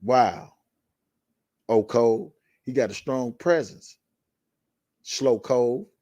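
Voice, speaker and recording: A man's voice: mid-range voice, dark tone, no echo, dull audio. A male show host reads a court filing aloud and adds his own commentary in an emphatic way, returning again and again to a repeated catchphrase. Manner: emphatic, repeats a catchphrase refrain, drawn-out stresses. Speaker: host of a live online show.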